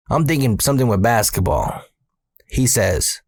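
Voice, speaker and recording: Here the Arizona storyteller host, a man in his thirties, has a lowish, husky voice and keeps a moderate pace. He recounts a personal story in casual, profane street slang, turning animated when excitement hits, captured in studio quality without any room sound.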